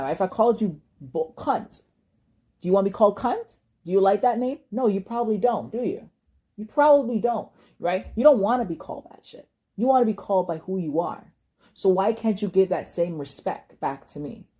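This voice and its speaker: A woman's voice: medium pitch, mellow, breathy edge. A young woman giving an emotional personal monologue, impassioned and ranting, cursing and repeating words when worked up. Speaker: vlogger.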